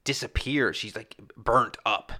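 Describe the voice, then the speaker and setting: A man's voice: medium pitch, unhurried, pushed and bright. A man co-hosting a casual movie chat, explaining his theories with frequent stumbles and restarts. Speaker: podcast co-host.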